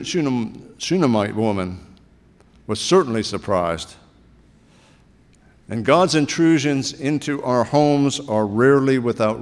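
A male pastor giving a sermon, telling stories in a relaxed, conversational way. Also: medium pitch. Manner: conversational storytelling preaching. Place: church sanctuary. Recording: long reverb of a church hall.

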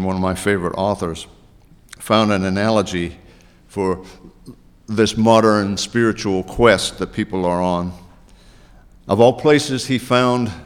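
A man preaching a sermon as a pastor, chatty, with asides and rhetorical questions to his listeners. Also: on the low side. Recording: long reverb of a large hall.

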